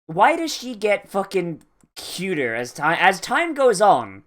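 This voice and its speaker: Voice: medium pitch, wildly swooping pitch, a little slow. Sarcastic profane anime reactor. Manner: profane, laughing, sarcastic asides. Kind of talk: casual reaction commentary.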